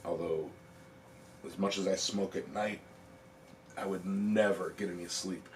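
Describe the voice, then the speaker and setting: Low-voiced guy hosting a stream, laid back, lots of ums and little laughs, faint hiss behind. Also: measured pace. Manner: chuckles often while reading chat; relaxed, rambling, lots of ums. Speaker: livestream host. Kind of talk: casual livestream chat.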